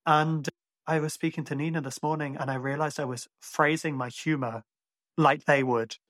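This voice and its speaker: A man's voice: a little high, steady tone, normal speed, fairly bright tone, no echo, clean studio sound. A man from Ireland with a mixed Irish accent, hosting a podcast and chatting casually with lots of fillers. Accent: Irish, mixed and hard to place. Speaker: podcast host. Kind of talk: casual chat.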